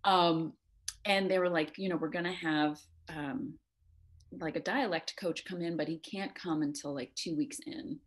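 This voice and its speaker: A woman's voice: low voice, fairly even intonation, normal speed. A young adult woman, an actor, talking casually as an interview guest, chatty and self-deprecating, laughing often. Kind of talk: casual conversation.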